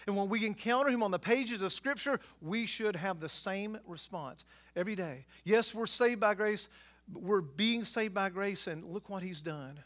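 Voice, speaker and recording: A man preaching a sermon, swinging between quiet asides and loud, emphatic passages. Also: high-pitched, normal speed. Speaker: pastor.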